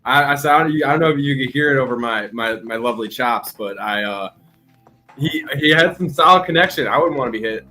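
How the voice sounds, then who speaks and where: A man's voice: medium pitch, a little fast, pushed and bright, faint music behind. A man co-hosting a casual live stream, sheepish and laid-back, joking along.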